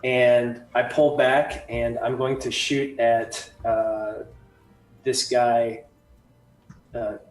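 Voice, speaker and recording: Man player, mid-pitched, halting delivery, echoey room, set back from the mic. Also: level tone, soft background music. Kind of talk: casual tabletop play. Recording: roomy, distant from the mic.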